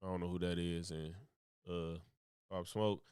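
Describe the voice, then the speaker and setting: A man's voice: sits low, level tone, a little slow, a little mellow, clean tone, no echo, studio quality. A man co-hosting a casual chat, blunt and profane, cutting in with short remarks.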